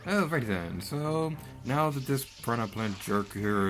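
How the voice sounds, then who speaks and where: Animated man doing game commentary. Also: mid-range voice, a little slow, hardly any pauses, music in the background. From Florida. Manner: animated, rambling, laughs and yelps at the game. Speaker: let's play host.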